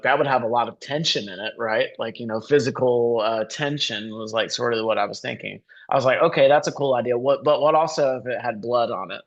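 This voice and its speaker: A male musician is a podcast guest who rambles casually, full of filler words. His voice is mid-pitched, and the recording sounds dull and lo-fi. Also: a bit bright. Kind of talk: casual interview chat.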